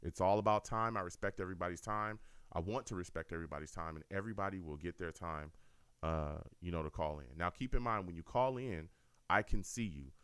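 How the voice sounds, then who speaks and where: The low, smooth voice of a fan call-in radio host comes through a little fast and without echo. Animated and casual, he repeats himself often and talks directly to his listeners.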